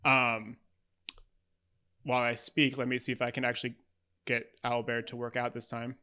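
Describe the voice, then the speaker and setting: A man's voice: mid-range voice, monotone, moderate pace, bright, forceful tone, clear, resonant tone. A man narrating as game master of a tabletop game, describing scenes with many fillers.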